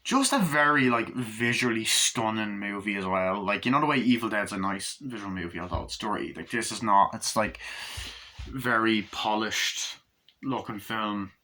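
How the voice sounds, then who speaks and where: A man casually reviewing a film, rambling and acting out the characters' lines in quick little voices, swearing freely. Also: lowish voice, sharp tone. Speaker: movie reviewer.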